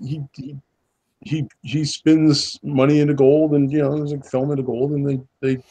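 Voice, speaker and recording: Rambling Canadian man, slightly high voice. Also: flat delivery, normal speed, warm tone, husky. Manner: rambling, acts out quoted dialogue. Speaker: podcast co-host. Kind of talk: casual chat.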